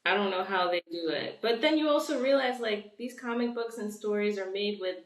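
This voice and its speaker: A woman's voice: mid-range voice, brisk, recorded from a distance. A young woman talking as a guest in a casual interview, rambling and filling her sentences with "like". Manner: rambling, filler-heavy, says "like" often. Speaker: guest artist. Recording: roomy, voice set back from the mic.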